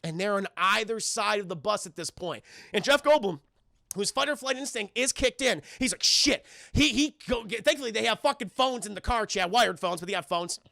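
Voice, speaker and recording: A young man rambles through a film recap for his live chat, swearing as he goes and acting out the characters' lines in quick bursts. His voice sits high for a man, with a bright, gravelly edge. The sound is close and dry. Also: expressive, dry recording. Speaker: film reviewer streaming to chat.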